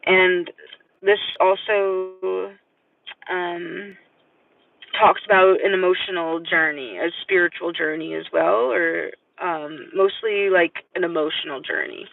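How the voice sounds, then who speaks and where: A man's voice: high-pitched, fairly even intonation, slow, creaky, dry recording. A man giving a live-stream tarot reading, rambling and hesitant with many fillers. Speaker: tarot reader. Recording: distant, tinny phone-like sound.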